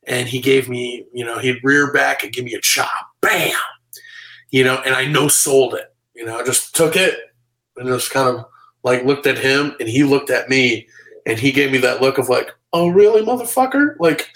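Bright-voiced man telling stories. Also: medium pitch, normal speed, gravelly, poor audio. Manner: animated, filler-heavy storytelling. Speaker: comedian guest. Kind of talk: casual storytelling on a video call. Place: home room. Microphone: video call.

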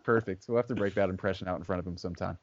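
A man co-hosting a casual sports podcast, relaxed and easygoing, with hesitant fillers. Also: low-pitched, very fast, dull audio, very noisy. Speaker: podcast co-host.

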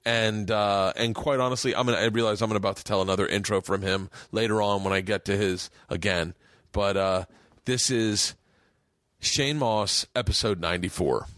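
A low-voiced man hosts a podcast and rambles loosely through an intro, stopping and restarting often. The sound is dry and close to the mic. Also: steady tone, normal speed, a bit bright, no echo. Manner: rambling, many fillers and restarts. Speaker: podcast host.

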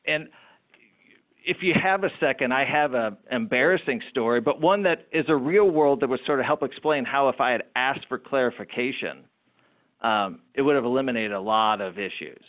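A man who runs a business, telling lively anecdotes as a guest in an interview. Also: mid-range voice, normal speed. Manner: animated anecdotal storyteller. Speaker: entrepreneur guest. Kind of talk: storytelling interview talk. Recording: tinny phone-like line.

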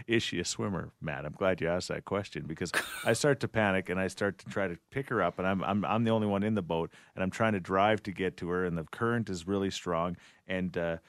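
A low-pitched middle-aged man co-hosts a casual chat show. His delivery is animated, and he laughs as he tells his story. The sound is dry and close to the mic. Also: brisk, dry recording. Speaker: radio show co-host.

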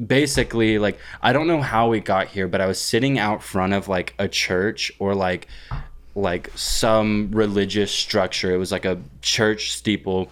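Low smooth-voiced young man, rambling. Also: steady tone, measured pace. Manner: rambling, heavy swearing and fillers. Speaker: podcast co-host. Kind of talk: casual chat, telling a dream.

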